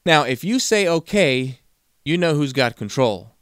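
A man's voice: on the high side, expressive, measured pace, fairly bright tone, smooth, no echo, studio quality. A man giving a motivational talk, telling stories and acting out the quoted voices. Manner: storytelling, acts out quoted voices. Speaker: motivational speaker.

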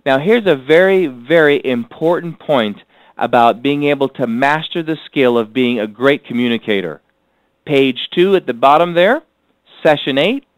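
A man teaching a workbook course. He repeats key phrases slowly so listeners can fill in blanks, and he speaks in an earnest, motivational way. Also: medium pitch, lively intonation, dry recording, low-quality recording. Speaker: course instructor.

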